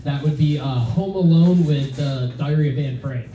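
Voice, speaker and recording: A man doing a stand-up set in a club with a deadpan, halting delivery full of fillers. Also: fairly high pitch. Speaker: stand-up comic. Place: comedy club, open mic. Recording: echoey room from far off. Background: audience laughter.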